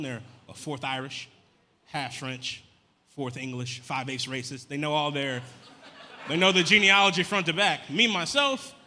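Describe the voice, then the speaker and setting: Fast-talking bright comedian on stage. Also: male voice, fairly high pitch, a little hiss or hum. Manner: deadpan, chatty crowd work with casual slang. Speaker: stand-up comedian. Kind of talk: stand-up comedy set. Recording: live venue with long reverb.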